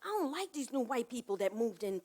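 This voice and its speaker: A woman voicing a friend who quietly complains and gossips about the neighbors. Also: on the high side, very animated, fairly quick. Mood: gossipy.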